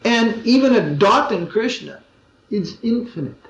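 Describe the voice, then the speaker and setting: A man's voice: high voice, lively intonation, measured pace, fairly bright tone. A man, a swami, giving an informal spiritual talk, telling anecdotes in a conversational way with wry humor. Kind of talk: informal religious discourse with anecdotes. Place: gathering in a room. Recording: roomy dull lo-fi 2001 recording.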